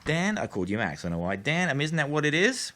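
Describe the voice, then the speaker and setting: Sarcastic bright-voiced Texan commentary host. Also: male voice, a little high, very animated, quick pace. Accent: Texas. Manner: mock-astonished, theatrical sarcasm.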